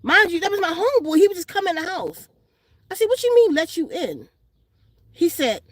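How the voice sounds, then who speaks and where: A woman's voice: very high-pitched, animated, fairly quick, dry recording. A woman vlogger telling a story in casual, blunt, profane street slang, outdoors in the sun.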